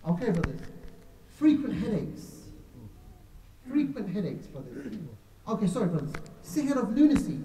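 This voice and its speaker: A man's voice: high-pitched, darkish tone, a little hiss or hum. Male preacher, lecture to brothers, acts out examples; distant mic, big reverberant hall. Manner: addresses listeners as brothers, acts out little scenes. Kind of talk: religious lecture to a congregation. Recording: echoey hall recorded from far off.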